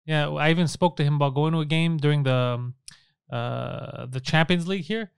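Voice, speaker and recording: A man's voice: on the high side, normal speed, gravelly, smooth, no room sound, clean studio sound. A young Canadian man chatting casually on a podcast, a profane, mocking storyteller who acts out the people he quotes. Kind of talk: casual chat.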